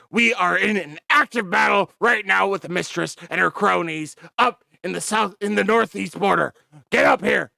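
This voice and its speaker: A man voicing a gruff, angry male military commander who shouts and curses impatiently. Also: high-pitched, dry recording, studio quality, voice pushed up, exaggerated voice. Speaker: game master voicing a character.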